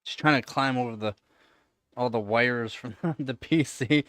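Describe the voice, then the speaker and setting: A man hosting a casual live stream, answering chat questions and cooing at his pet in a high sing-song voice between relaxed remarks. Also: unhurried, no echo, clean studio sound. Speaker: livestream host. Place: home computer setup.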